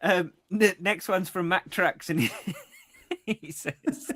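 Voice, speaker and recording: A man's voice: high-pitched, slow, long pauses, a bit bright, dry recording. A man co-hosting a podcast in casual chat, reading out listener messages and laughing often. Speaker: podcast co-host.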